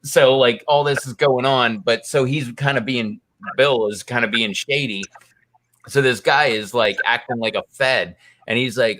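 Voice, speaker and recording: A man with a bright, forceful voice tells a long story in casual chat. He rambles, stacks up fillers and slips into quick quoted voices as he goes. His pitch sits in the middle for a man. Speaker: co-host.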